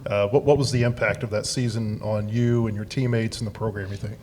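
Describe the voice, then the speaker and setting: A man's voice: on the low side, steady tone, brisk, darkish tone, a little hiss or hum. A man hosting a panel discussion, politely prompting guests with questions. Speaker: host.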